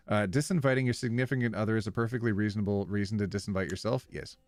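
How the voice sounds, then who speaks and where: A man's voice: fairly low pitch, fairly even intonation, rapid-fire, hardly any pauses, dry recording, clean studio sound, faint music behind. A man streaming, casually reading online posts aloud with playful, wry commentary and easy laughter.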